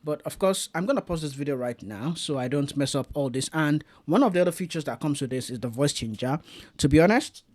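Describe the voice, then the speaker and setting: A man's voice: a little high, expressive, fast talker, darkish tone. A man giving a casual, chatty review of a streaming mixer, showing the features as he goes. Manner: chatty, demonstrating gear live. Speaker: tech reviewer.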